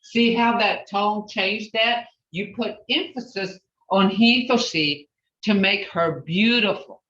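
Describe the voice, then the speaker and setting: A woman's voice: mid-range voice, slow pace, a bit bright. A woman teaching a language class over a video call, patiently repeating each word and drilling it. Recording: roomy, distant, dull video call audio.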